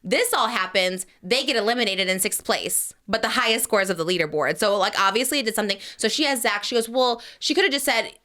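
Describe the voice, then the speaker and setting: A young woman hosting a podcast, gossiping in an animated way and acting out what others said. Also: a little high. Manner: rapid, animated, acts out others in quoted voices. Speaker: podcast host. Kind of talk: casual gossip chat.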